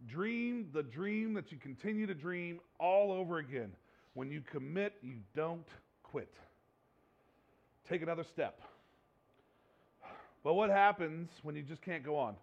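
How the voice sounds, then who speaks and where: Male pastor preaching hard, kinda high voice, goes quiet then loud, dull lo-fi sound. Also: animated, unhurried, creaky, long pauses. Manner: impassioned, swings from hushed to loud. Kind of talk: sermon.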